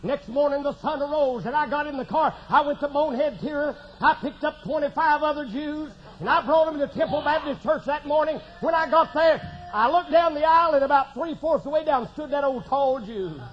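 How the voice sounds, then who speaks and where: Man, revival preacher, very high voice, shouts then hushes, dull lo-fi tape. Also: brisk, few pauses. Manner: fervent, swings from loud shouting to low hushed tones. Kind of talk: revival sermon testimony. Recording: dull lo-fi recording with faint hiss.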